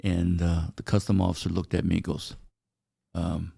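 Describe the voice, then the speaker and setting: An older man with a deep, gravelly voice, originally from China, with Chinese as his first language. He tells anecdotes in a halting, unhurried way, full of "uh" pauses, as a guest in a casual interview. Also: level tone, dark tone. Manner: halting, anecdotal, frequent "uh" fillers.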